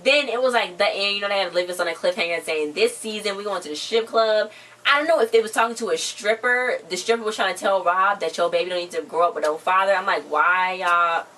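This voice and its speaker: A woman's voice: medium pitch, fast talker, a bit bright. A woman chatting casually as co-host of a TV recap channel, retelling scenes by acting out what people said. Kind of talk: casual chat recapping a reality show. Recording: distant mic with faint background noise.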